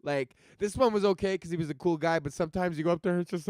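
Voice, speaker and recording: Man, comedy podcast host, casual profane rant, smooth resonant voice, dry close sound. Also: sits high, fast, few pauses, dry recording. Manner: profane, animated storytelling with acted-out quotes.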